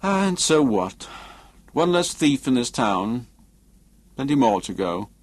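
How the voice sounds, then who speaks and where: A man's voice: mid-range voice, big pitch swings, slow, no room sound, voice pushed up. A man voicing a blunt, sardonic male painter with a cutting, dismissive way of talking, in an audiobook. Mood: scornful. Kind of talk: audiobook character reading.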